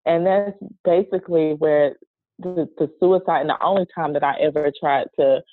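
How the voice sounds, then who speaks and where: A woman telling an emotional personal story in an interview, speaking in a halting, earnest way. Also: low-pitched, fairly even intonation, no room sound. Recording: dry, tinny phone-like sound.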